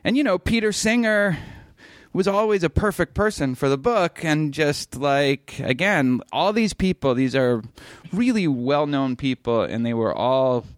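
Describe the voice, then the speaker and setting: A man's voice: on the high side, animated, measured pace, no room sound, clean studio sound. A middle-aged man co-hosting a podcast, chatting casually and telling stories in long, self-interrupting runs. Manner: rambling, self-interrupting storyteller. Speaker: podcast co-host. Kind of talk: casual chat.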